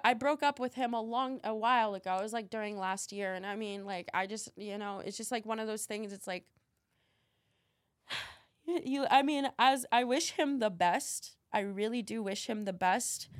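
A young woman with a gravelly, fry-edged voice, telling things in a rambling, emphatic way, full of fillers and casual swearing. The sound is dry and close, with no room around it. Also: medium pitch, no room sound. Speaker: podcast guest. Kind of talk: candid casual interview talk.

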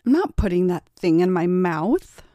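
A woman's voice: lowish voice, sing-song, moderate pace, mellow, no echo. A woman voicing a hostile, defiant young man in a read-aloud story, spitting threats.

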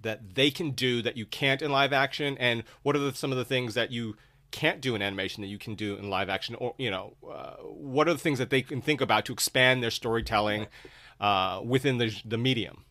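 A man interviewing a guest, asking questions in a halting way with restarts. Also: mid-range voice, pushed and bright.

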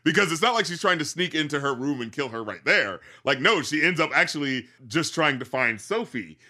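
A man's voice: fairly high pitch, animated, a little fast, sharp tone. A man co-hosting a podcast, chatting casually about a film, rambling with lots of fillers and swearing. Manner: rambling, profane, many fillers. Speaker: podcast co-host.

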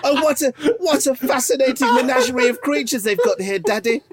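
Man voicing a young boy, gushing, very high voice. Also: fairly quick, loud music behind the voice. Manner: gushing, prim and proper. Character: posh, overly polite young boy.

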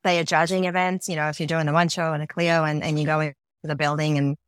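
A blunt, lively woman with an Australian accent, her voice pitched fairly low. She talks candidly as an interview guest. The sound is dry and close. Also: fast, dry recording. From Iran. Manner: blunt and lively, restarts often. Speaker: chief creative officer, guest.

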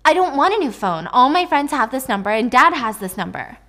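A woman's voice: high voice, very animated, fairly quick, bright, forceful tone, voice pushed up, exaggerated voice. A woman voicing a defensive young woman, the heroine's older sister, in a retold story, speaking in a raised, pleading tone.

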